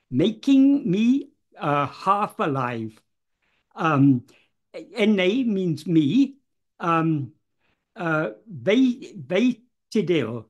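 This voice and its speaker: Speaking in a high-sitting voice, a man works through a devotional verse one word at a time without a script. He's careful and measured, frequently pausing on fillers and correcting what he's said.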